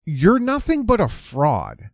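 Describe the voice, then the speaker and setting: A man's voice: high-pitched, wildly swooping pitch, slow, no echo, clean studio sound. A man hosting an opinionated commentary monologue, emphatic and repeating his lines for effect. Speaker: commentary channel host.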